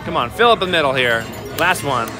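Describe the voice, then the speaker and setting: Lively, playful man on a casino floor. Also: a little high, fairly quick. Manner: playful, laughs often, teasing banter. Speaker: slot streamer host. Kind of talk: live stream casual chat, reading viewer comments. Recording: casino floor with loud machine music. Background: slot machine music.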